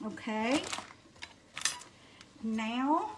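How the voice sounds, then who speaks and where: A middle-aged woman with a warm-sounding Alabama drawl talks her viewers through a home-cooked supper, folksy and chatty, calling out hellos by name. Her voice sits high. The kitchen is noisy, with pots and dishes knocking clearly in the background. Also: animated, drawn-out words. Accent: Southern US, Alabama. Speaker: home cooking livestream host. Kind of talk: casual cooking livestream chat.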